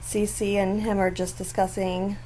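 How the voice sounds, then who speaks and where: A chatty woman gives casual gameplay commentary at a middling pitch, with frequent giggles and animated asides. Faint outdoor noise from neighbors drifts in behind her voice. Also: measured pace. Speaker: gaming channel host.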